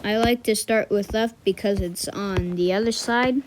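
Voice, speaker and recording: A woman walking through a coding tutorial in a casual way, thinking aloud with fillers and self-corrections and muttering quiet asides to herself as she works at her computer. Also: medium pitch, moderate pace, background noise. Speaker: tutorial maker.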